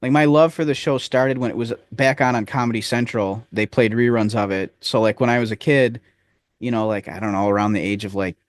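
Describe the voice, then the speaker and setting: A man's voice: medium pitch, fairly even intonation, a little fast, dry recording. A man co-hosting a podcast, talking in loose, rambling casual chat. He cracks jokes as he goes and sometimes drops into goofy impressions. His voice sounds dry and close to the mic. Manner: rambling, jokey, slips into silly impressions. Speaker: podcast co-host.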